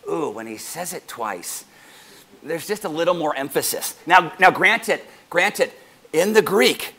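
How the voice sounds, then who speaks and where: A man pastor preaching a sermon to his congregation, animated and joking with them as he goes. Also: a little high, a little slow.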